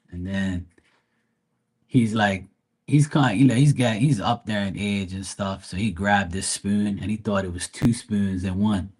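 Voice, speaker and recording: A man chatting on a livestream, telling rambling stories full of swearing and jokes. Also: lowish voice. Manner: profane, rambling,喜 joking. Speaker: livestream tarot reader. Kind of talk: casual livestream storytelling.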